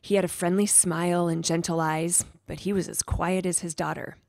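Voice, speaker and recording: Woman reader for a kids' chapter book, lowish voice, gentle and expressive. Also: normal speed, gravelly, dry recording, clean studio sound. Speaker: storybook reader. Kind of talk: reading a children's chapter book aloud.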